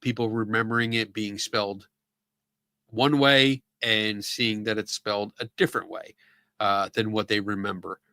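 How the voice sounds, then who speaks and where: A man's voice: lowish voice, steady tone, normal speed, bright, forceful tone, dry recording. A middle-aged man with a Philadelphia accent, hosting a casual livestream chat in a loose, rambling way full of fillers and restarts. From Philadelphia area. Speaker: podcast host.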